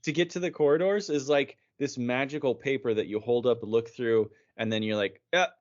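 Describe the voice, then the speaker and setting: A man joins the chat with easy agreement and frequent laughter, explaining details in a relaxed way. His voice comes through somewhat dull and lo-fi. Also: medium pitch, brisk. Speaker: podcast co-host. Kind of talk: casual chat.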